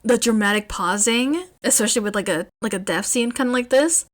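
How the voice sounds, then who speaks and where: Female podfic reader, expressive narration, lively and chatty. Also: on the high side, brisk. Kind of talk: fan fiction podfic narration.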